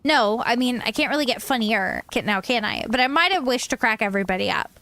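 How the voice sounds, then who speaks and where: A woman's voice: a little high, lively intonation, fast talker, bright, forceful tone, no room sound. A woman reading aloud the lines of a chatty male monster comedian from a game, earnest and self-pitying.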